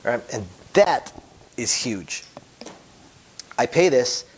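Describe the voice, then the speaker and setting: Man, craps dealer, instructional talk, emphatic, phrases dropping off softly, medium pitch. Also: big pitch swings, slow, slight background noise, rough recording. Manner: emphatic, voice drops off at phrase ends.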